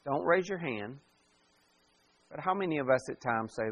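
A man pastor preaching a sermon verse by verse, swelling for emphasis and dropping to a hush. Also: a little high, lively intonation, moderate pace, long pauses, dull audio.

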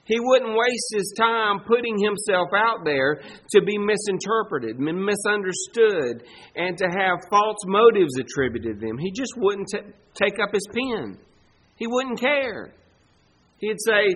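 A man's voice: high-pitched, lively intonation, unhurried, a bit bright, breathy edge, rough recording. A man preaching a sermon as pastor, with emphatic delivery that rises and falls in force.

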